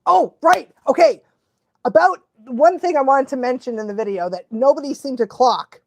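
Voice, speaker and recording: A young woman, a dog trainer, chatting casually on a live stream, excitable and animated, laughing often and sometimes losing her thread. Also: sits high, moderate pace, a little hiss or hum. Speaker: dog trainer hosting a live watch-along.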